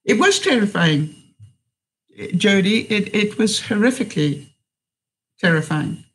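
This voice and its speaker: Slow, hesitant woman telling a personal story. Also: medium pitch, expressive, rough recording. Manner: slow, hesitant, with many fillers and restarts. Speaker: vlogger.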